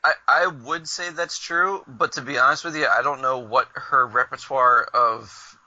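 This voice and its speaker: A man co-hosting a casual podcast, tossing in wry, sarcastic remarks. His voice is strikingly bright and sharp. The mic sounds dry and somewhat dull. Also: medium pitch, measured pace, dry recording. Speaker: podcast co-host.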